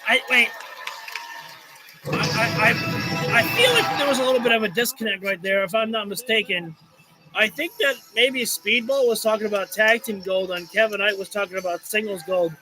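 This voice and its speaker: A man's voice: sits high, lively intonation, moderate pace, over loud music. A man hosting a wrestling livestream, casually chatting with stumbling restarts and frequent self-deprecating laughs. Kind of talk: casual live reaction commentary.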